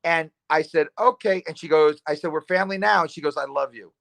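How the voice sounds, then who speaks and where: Guy, middle-aged, loud and animated, bit of a higher voice, telling a story and doing everybody's lines. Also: fast talker, gravelly. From New Jersey. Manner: loud, animated storyteller who acts out dialogue. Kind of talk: casual storytelling.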